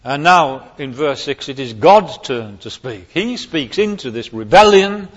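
A man's voice: a little high, lively intonation, measured pace. A man preaching a sermon on a psalm, stressing key words emphatically and rising sharply on them. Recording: long hall reverb, dull lo-fi sound.

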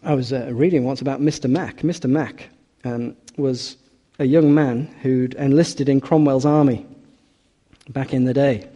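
Male preacher, sermon; mellow tone, emphatic, slows for weight. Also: medium pitch, fairly even intonation, muffled recording. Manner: earnest, emphatic, slows and drops on key words.

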